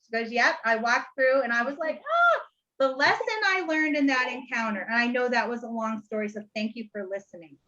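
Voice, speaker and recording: A woman's voice: on the high side, fairly quick, hardly any pauses, pushed and bright, muffled recording. A woman co-hosting a casual talk over a video call, telling a testimony with laughter and playful energy. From Ohio. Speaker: co-host sharing a testimony. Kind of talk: casual storytelling chat.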